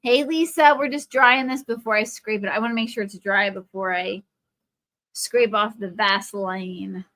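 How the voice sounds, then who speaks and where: A woman's voice: medium pitch, fairly even intonation, normal speed, fairly bright tone. Midwestern woman, 30s, craft livestream host. Rambling storyteller who talks to her viewers by name. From Ohio. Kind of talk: chatty live craft stream.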